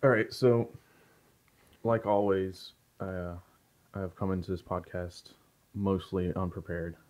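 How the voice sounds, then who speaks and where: A man hosting a podcast, jokey and quick to laugh. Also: low-pitched. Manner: jokey, laughing often, animated. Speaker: podcast host. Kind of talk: casual podcast chat. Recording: dull lo-fi podcast audio.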